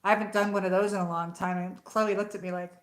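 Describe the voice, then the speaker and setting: A woman's voice: medium pitch, flat delivery, fast. Woman, casual livestream chat, rambling, chatty, greets viewers by name, home room with echo. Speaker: livestream host. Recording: echoey room.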